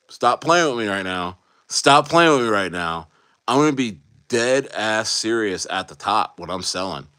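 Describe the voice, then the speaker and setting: A man ranting casually on a livestream, animated and slangy, repeating himself and often asking if you know what he means. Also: medium pitch, clear, resonant tone. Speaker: streamer.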